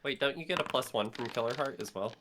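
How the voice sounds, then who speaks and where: A player in a tabletop game, eager and quick to jump in. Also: mid-range voice, fairly bright tone, a little hiss or hum.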